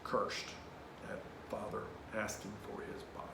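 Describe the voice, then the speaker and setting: A man leading a Bible study, telling a personal story in an animated, emphatic way. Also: lowish voice, unhurried, gravelly, roomy sound, very noisy.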